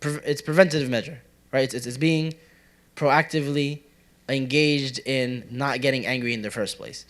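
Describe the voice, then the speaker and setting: A man's voice: medium pitch, fairly even intonation, normal speed, a bit bright. A young man teaching a casual, interactive study circle in a community center classroom, asking the audience questions and joking with them. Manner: conversational, asks the audience questions, jokes and laughs. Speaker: religious teacher.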